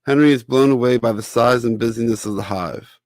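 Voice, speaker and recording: A man reading his own children's picture book aloud as narrator, with a steady, clear delivery. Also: medium pitch, fairly quick, dry recording. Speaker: author and narrator.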